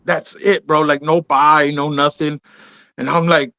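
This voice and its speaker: A man's voice: fairly high pitch, level tone, measured pace, bright, forceful tone, clear, resonant tone. A man on an interview show, casually telling his story, calling people "bro" and "man" and acting out the dialogue he quotes. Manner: laid-back, drops in "bro" and "man", acts out quoted dialogue. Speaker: podcast host telling his story as a guest.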